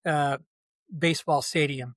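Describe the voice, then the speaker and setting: A man's voice: fairly high pitch, fairly even intonation, measured pace, fairly bright tone, dry recording. An older man, a podcast guest, telling long casual anecdotes full of asides. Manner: rambling, folksy anecdotes with many asides. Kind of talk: casual storytelling.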